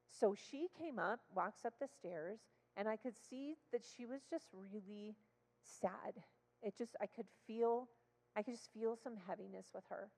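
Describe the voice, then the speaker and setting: A woman telling a story from a church stage, acting out the dialogue with lively animation. Her voice is mid-pitched with a gravelly edge, and the long reverb of a large hall hangs behind her words. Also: unhurried. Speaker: child therapist sharing testimony. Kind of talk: storytelling sermon. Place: church sanctuary.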